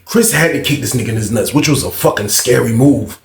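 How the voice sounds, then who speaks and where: A man's voice: medium pitch, fairly quick, vocal fry. A man from Virginia telling a street story in a casual, profane way, acting out the people in it. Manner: animated, profane, acts out other people. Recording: roomy echo.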